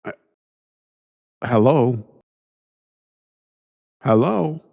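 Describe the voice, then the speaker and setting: A man hosting his own show, ranting indignantly in a halting way, restarting phrases and sighing between thoughts. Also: mid-range voice, expressive, gravelly, dark tone, lo-fi sound. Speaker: podcast host. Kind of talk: solo opinion rant.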